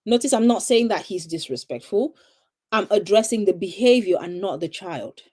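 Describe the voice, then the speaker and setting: A woman's voice: mid-range voice, lively intonation, moderate pace, darkish tone, breathy edge. Woman, podcast host, teacher, earnest, emphatic, repeats her points, conversational.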